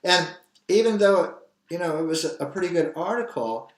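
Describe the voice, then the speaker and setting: A man's voice: high voice, expressive, moderate pace. Older man hosting, echoey room. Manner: rambling, earnest, with restarts. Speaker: show host. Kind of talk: opinionated solo commentary.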